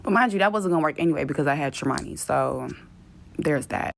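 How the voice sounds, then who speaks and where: A woman with a low, deep speaking voice vents about a booking gone wrong in a loose, casual storytelling rant. She is profane and openly exasperated, and she slips into quick mimicry of other people. The recording sounds like a self-made vlog. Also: expressive, creaky. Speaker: vlogger telling a travel story.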